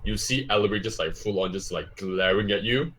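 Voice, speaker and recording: A man narrates a tabletop game as game master in a lowish voice. He rambles and restarts his sentences, piling up fillers as he describes the scene. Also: a little fast, fairly bright tone, a little hiss or hum.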